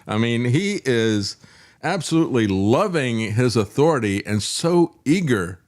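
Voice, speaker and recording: A man's voice: medium pitch, sing-song, a little slow. A male talk show host giving indignant, sarcastic commentary, with frequent fillers.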